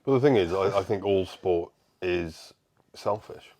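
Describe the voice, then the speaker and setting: Welsh male guest, very low voice, relaxed conversational tone. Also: unhurried. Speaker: podcast guest. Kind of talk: casual podcast chat.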